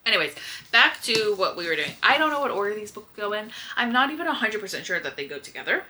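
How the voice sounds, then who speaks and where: A woman's voice: mid-range voice, sing-song, quick pace, bright, forceful tone, slight background noise. A woman, chatting to camera in a casual book vlog, gushing and correcting herself as she goes. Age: late 20s. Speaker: book vlogger.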